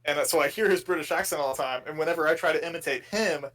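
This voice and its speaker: Podcast co-host, a man with a higher voice; relaxed joking banter and rambling anecdotes. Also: fast talker, rough recording. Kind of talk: casual sports chat.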